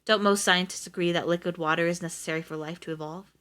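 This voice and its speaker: A woman's voice: on the low side, fairly even intonation, quick pace, fairly bright tone, natural voice. A woman reading aloud as a poised middle-aged female official who speaks in a cool, direct way. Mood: cool, businesslike.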